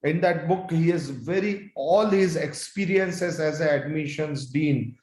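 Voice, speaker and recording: A man's voice: fairly high pitch, unhurried, darkish tone. Hesitant man with an echoey sound. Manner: hesitant, full of restarts. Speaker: webinar host introducing the speaker. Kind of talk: casual introduction.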